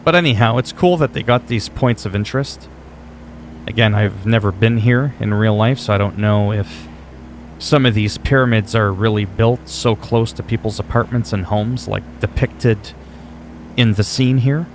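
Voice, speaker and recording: A man's voice: on the low side, moderate pace, slight background noise. A man streaming a game live, chatting casually as he plays, answering his chat with wry asides and the odd curse. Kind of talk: casual live gameplay commentary.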